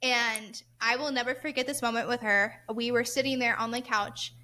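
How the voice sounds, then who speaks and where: A young woman co-hosts a casual podcast, telling stories with excitement and frequent laughter. Her voice is high and very bright. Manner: excited, laughing often, quick storytelling. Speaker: podcast co-host. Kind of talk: casual chat.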